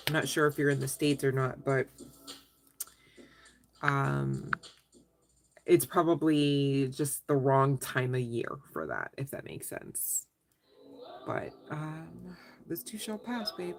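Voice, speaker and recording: A woman doing a casual live tarot reading, chatty and giggly, speaking straight to her viewers. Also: low voice. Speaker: tarot reader answering live chat.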